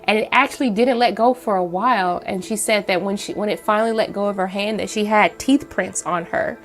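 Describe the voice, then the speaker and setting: A channel host tells a story to the camera at home, rambling casually with many fillers and restarts. Her mid-range voice moves a little fast, with faint music behind her.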